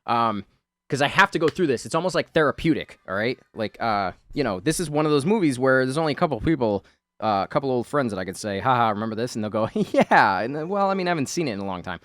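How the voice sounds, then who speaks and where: A man's voice: medium pitch, big pitch swings, fast talker, no room sound. A man giving rambling, chatty voice-over commentary on a video of his drawing, full of fillers.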